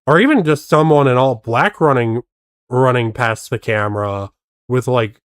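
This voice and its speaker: A man's voice: mid-range voice, normal speed, smooth, dry recording, studio quality. A man streaming casual reaction commentary, skeptically picking apart how a video was faked. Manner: skeptical, picks apart tricks.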